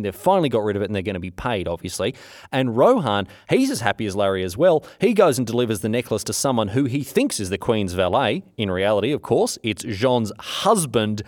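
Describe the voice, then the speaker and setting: A man's voice: medium pitch, darkish tone, no echo, studio quality. A man retelling history as a chatty, slangy story, full of asides and filler words. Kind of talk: casual storytelling.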